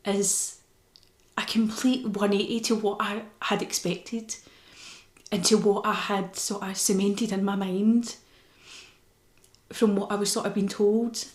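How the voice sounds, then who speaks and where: A woman's voice: mid-range voice, fairly even intonation, unhurried, a little mellow, echoey room. A woman with a Scottish accent giving a casual personal update to her vlog, telling her story in an earnest, emotional way. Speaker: vlogger.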